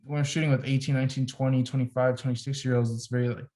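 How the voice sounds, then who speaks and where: A young man talks on a podcast as a photographer guest, recounting a story with animated, casual energy. He peppers his sentences with "like" and keeps the tone relaxed and conversational. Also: mid-range voice, rapid-fire. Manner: animated storyteller, heavy use of "like".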